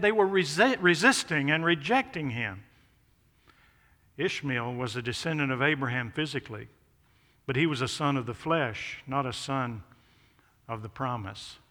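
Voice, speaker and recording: Bright-voiced male preacher in a reverberant hall. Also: fairly high pitch. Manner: emphatic, rising stress on contrasts. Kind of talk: expository sermon.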